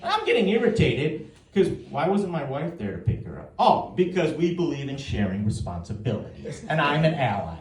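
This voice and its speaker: A male stand-up comic in his forties entertains a live crowd with dry family anecdotes, acting out others' words. His brisk voice sits on the high side and has a sing-song quality, heard from a distance in a roomy stage recording amid audience laughter.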